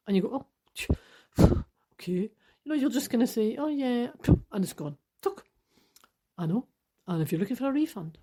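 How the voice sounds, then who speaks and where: A middle-aged Scottish woman hosting a podcast, telling rambling stories in a lively, laughing way. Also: mid-range voice. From Scottish Highlands. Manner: animated, laughing, rambling storyteller. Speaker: podcast host. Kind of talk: chatty solo monologue.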